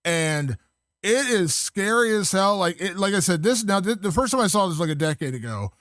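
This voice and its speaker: Guy guest on a podcast, kinda high voice, rambly and excited, lots of likes and ums, dry sound. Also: fairly quick, dry recording. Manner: enthusiastic, rambling with many fillers. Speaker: guest film critic. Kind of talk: casual podcast chat.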